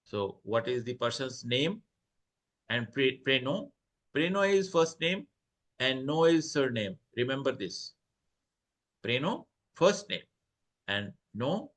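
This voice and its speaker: A man's voice: medium pitch, sing-song, slow pace, long pauses, a bit bright. A man teaching French online, reading short dialogues aloud and translating each phrase into English.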